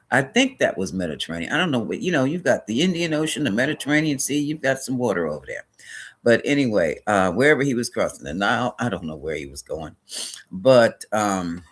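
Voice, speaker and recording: Rambling man hosting a live stream. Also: on the low side. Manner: rambling and chatty, drifts off topic and corrects himself; greets viewers by name and answers chat. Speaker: host of a spiritual tarot live stream. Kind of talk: casual live-stream chat with viewers.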